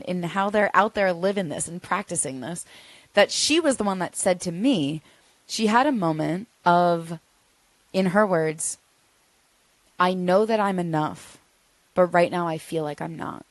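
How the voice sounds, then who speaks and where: A woman hosts her own podcast, talking listeners through hard feelings in an earnest, coaching way. Her voice sits a little low and is recorded close and dry. She softens to a near hush when she says comforting words. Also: animated, measured pace, dry recording. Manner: earnest, gently coaching, drops to a soft hush when voicing reassurance. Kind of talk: reflective solo podcast talk.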